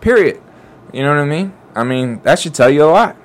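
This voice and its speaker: A man's voice: on the high side, expressive, brisk. A man co-hosting a podcast, chiming in with teasing asides in crude casual chat. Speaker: podcast co-host.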